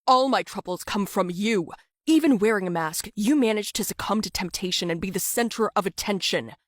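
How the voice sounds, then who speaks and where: A woman voicing a stern, angry religious father who scolds and yells at his daughter. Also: lowish voice, brisk, no room sound, studio quality, close to an everyday voice. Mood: scolding. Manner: scolding, yelling.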